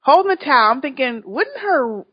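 Podcast co-host, woman, expressive swoops, acts out lines; muffled dry audio. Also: sits high, normal speed, dry recording. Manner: animated retelling, acts out characters' lines, laughs. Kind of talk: casual TV recap chat. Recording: dull lo-fi dry sound.

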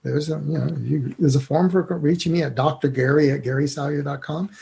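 A man's voice: on the high side, fairly even intonation, brisk, vocal fry, a little mellow. A man talking as a guest author and coach in a casual interview, rambling with many fillers and laughing easily.

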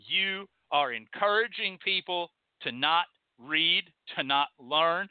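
Male show host, fired-up profane rant, higher-pitched, thin phone-line sound. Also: animated, a little slow, few pauses, smooth, no echo. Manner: heated, profane, scolding. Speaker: host of a hoodoo and rootwork show. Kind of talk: angry ranting monologue. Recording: tinny phone-like line, dry.

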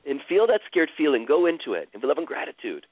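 A man with a slightly high voice and huge pitch swings soothingly guides a caller through emotional healing at an unhurried pace, chanting repeated phrases. The recording is dry and tinny, like a phone line, with no surrounding room.

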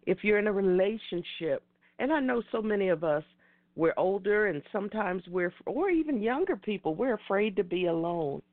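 A middle-aged online talk show host speaks at medium pitch with lively intonation and a moderate pace, delivering an earnest, emphatic motivational talk. He repeats key phrases the way a preacher would. The audio is dry and tinny, like a phone, with no echo.

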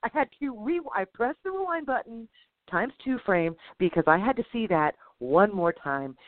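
A woman co-hosting a podcast, telling a story in a lively, animated way with sound effects and laughter. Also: mid-range voice, normal speed, no echo. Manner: animated, mimics sounds and voices, laughs often. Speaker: podcast co-host. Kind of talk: casual storytelling chat. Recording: tinny phone-like sound, dry.

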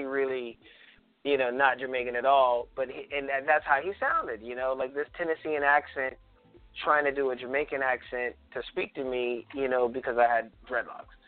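A man from South Carolina, a guest in an interview, talking thoughtfully with many pauses and ums as he tells stories. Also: mid-range voice, clean tone, no echo. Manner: thoughtful, frequent ums, storytelling. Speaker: guest, cultural preservationist. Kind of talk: conversational interview. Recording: phone-like lo-fi audio.

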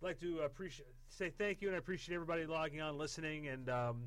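A man co-hosting a live college radio show in a studio, joking and self-deprecating in quick, rushed bursts of casual banter. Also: a little high, steady tone, fairly bright tone, clear, resonant tone, dry recording.

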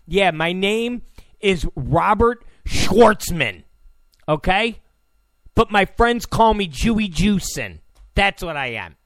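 A male talk show host delivering an incredulous, sarcastic rant, repeating himself and breaking into sudden shouts. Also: sits high, sing-song, takes it slowly, no echo. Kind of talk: ranting commentary. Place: Los Angeles.

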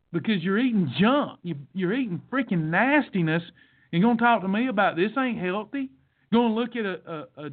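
Brief: male podcast host, high voice, preachy motivational delivery, tinny phone-line sound. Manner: fervent, repetitive, sermon-like exhortation. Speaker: podcast host and diet program coach.

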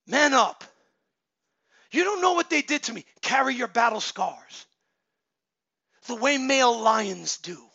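High-voiced preacher man, bright and gravelly. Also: animated, normal speed, pauses often, no echo. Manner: exhorting, swings from loud shouts to low murmurs. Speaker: pastor. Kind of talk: sermon. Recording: dull lo-fi sound.

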